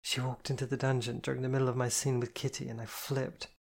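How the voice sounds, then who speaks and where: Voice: medium pitch, level tone, fast, vocal fry. A reader playing a guilt-ridden young woman who stammers and swears bluntly. It is an audiobook character voice, close to the reader's own. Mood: distraught.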